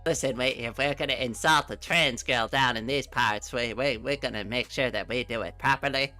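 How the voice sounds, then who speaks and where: A woman voicing a boastful, mocking Texan southerner in a put-on Southern US accent, drawling slowly. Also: very deep voice, bright, forceful tone, soft background music, pitched below the performer's own voice. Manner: slow, drawled, self-mocking.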